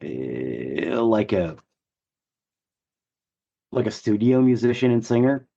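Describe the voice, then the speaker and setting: A man with a gruff, hoarse voice co-hosting a podcast, chatting enthusiastically with lots of fillers. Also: on the low side, big pitch swings, slow, mellow, dull audio. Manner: enthusiastic, rambling with many fillers. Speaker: podcast co-host. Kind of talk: casual chat.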